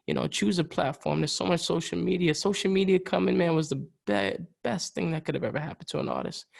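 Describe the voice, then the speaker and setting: Gravelly man telling rambling stories. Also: on the high side. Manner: rambling storyteller, heavy fillers, frequent "you know". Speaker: podcast guest, musician. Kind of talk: casual chat.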